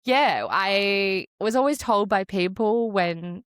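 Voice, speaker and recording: A woman's voice: medium pitch, takes it slowly, clean tone, no room sound, clean studio sound. An Australian woman co-hosting a podcast, chatting casually and laughing often, with plenty of "like". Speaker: podcast co-host. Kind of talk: casual chat.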